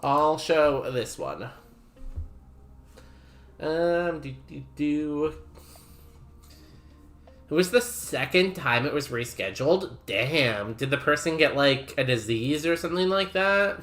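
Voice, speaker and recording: A man's voice: on the high side, expressive, slow pace, pauses often, fairly bright tone, soft background music. A man streaming a game, chatting casually and rambling while he reads messages from chat aloud.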